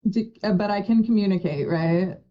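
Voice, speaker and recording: A woman in casual podcast chat, relaxed and leaning on the filler 'like'. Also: medium pitch, normal speed, muffled recording.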